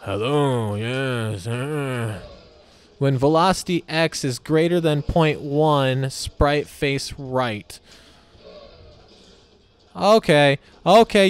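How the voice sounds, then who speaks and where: A man's voice: on the high side, clean tone. A man giving casual, goofy commentary while playing a video game, talking to the enemies and cracking crude jokes. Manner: goofy, talks to enemies, silly voices and swearing. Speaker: gameplay commentator. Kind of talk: casual let's-play commentary.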